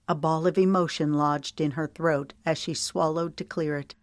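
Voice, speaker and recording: A woman narrating a romance novel with a calm, measured delivery. Her voice is low and unhurried. The recording is close and dry. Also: no room sound. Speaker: audiobook narrator. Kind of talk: scripted narration.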